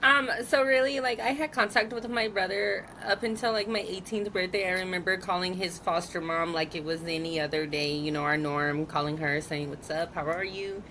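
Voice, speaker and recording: A woman in her thirties with a lowish voice speaks at normal speed with a steady tone and few pauses, sounding pushed and bright. As a guest, she tells her own story openly and frankly, using lots of "like" fillers, with slight background noise behind her.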